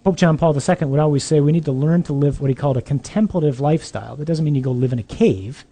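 A man's voice: fairly high pitch, quick pace, warm tone. A man, a priest, giving a conversational sermon to young adults, emphatic with dry humorous asides.

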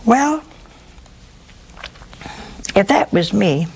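A woman with a sore throat tells a saint's story as a preacher, moving from plain narration into laughing asides. Her voice sits at a middle pitch. A faint hiss runs under the recording. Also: measured pace, poor audio. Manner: lively anecdotal, laughing asides, quoting characters. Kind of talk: sermon storytelling.

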